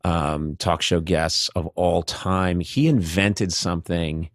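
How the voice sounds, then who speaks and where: A man's voice: low-pitched, slow, no room sound, clean studio sound. A man, a talk show host, telling an anecdote and acting out the voices of the people in it. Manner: lively, acts out voices while telling anecdotes. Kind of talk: casual anecdote.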